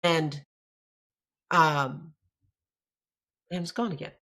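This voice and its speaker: A woman rabbi from the United States, speaking as a guest in a conversational interview, reflective and full of restarts, growing animated when she tells a story. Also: low-pitched, extremely slow.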